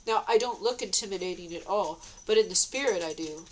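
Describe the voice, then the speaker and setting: A woman's voice: brisk, a little hiss or hum, rough recording. A woman telling a meandering personal story in a casual vlog, laughing often between phrases and correcting herself as she goes. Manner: meandering, with many restarts and self-corrections; rises to a bright, sweet high voice when quoting herself.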